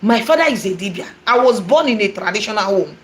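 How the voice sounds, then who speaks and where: In a mid-range voice at a fast pace, a Nigerian-accented woman who is a prophetess tells her personal testimony. She repeats herself energetically and mixes in phrases of Igbo.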